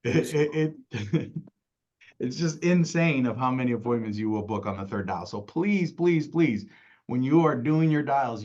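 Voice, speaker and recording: A man's voice: mid-range voice, dull audio. A man leading a sales training, speaking emphatically and often asking "right?" to his listeners. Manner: emphatic, repeats "right?" and "y'all". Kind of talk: insurance sales training talk.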